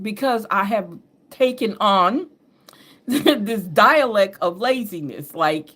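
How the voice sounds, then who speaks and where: A woman host originally from New York talks in a loose, rambling way, her speech softened by a Southern drawl. Her pitch rises and falls a lot, and she laughs and corrects herself as she goes. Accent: Southern US drawl over an upstate New York base. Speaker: host and astrology reader. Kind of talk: casual rambling chat.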